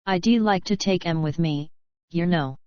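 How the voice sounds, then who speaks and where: Woman narrator doing a blunt rustic outback cattleman, lowish voice, smooth tone, rough bush drawl, audiobook reading, slightly dull recording. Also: moderate pace, a little mellow, dry recording, lightly acted. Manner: broad rustic bush drawl, dropped g's.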